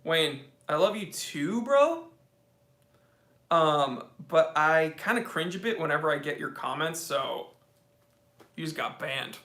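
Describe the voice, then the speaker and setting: American guy hosting a live q&a, high bright voice, jokey, echoey room. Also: animated, slow, pauses often. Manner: joking, playful, reading comments aloud. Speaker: host. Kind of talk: live Q&A stream chat.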